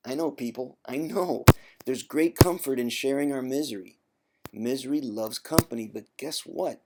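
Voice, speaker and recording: Speaking at medium pitch and a moderate pace over some background noise, a man who once suffered chronic pain dishes out teasing tough-love advice. It's a direct-to-camera vlog monologue, conversational in tone and punctuated by frequent throat clearing.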